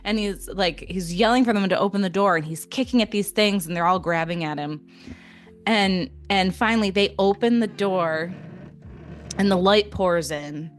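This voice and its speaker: A young adult woman co-hosting a podcast, retelling a story in a casual, animated way with frequent laughs and fillers. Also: mid-range voice, normal speed. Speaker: podcast co-host.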